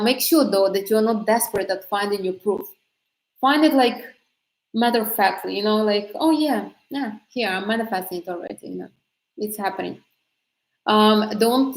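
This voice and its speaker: A woman gives casual advice on manifesting, chatting in a mid-range voice full of fillers, restarts, and frequent laughter. The audio is poor and reverberant.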